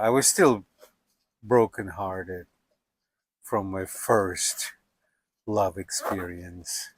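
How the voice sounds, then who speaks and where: A man in his seventies from Russia, telling his life story in a musing, unhurried way. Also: medium pitch, dry recording. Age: 70s. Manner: unhurried, musing, with frequent "you know" and "like". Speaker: documentary subject. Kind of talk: reflective personal storytelling.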